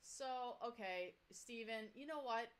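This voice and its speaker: A woman's voice: a little high, takes it slowly. A woman co-hosting a casual TV recap chat, ranting bluntly and sounding exasperated. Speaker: podcast co-host.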